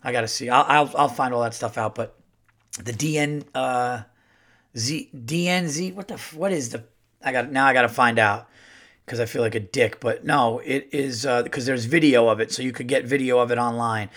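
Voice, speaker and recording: A man's voice: medium pitch, moderate pace. A middle-aged man, a comedian hosting his podcast, telling a casual story and acting out the dialogue. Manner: animated, acts out quoted dialogue.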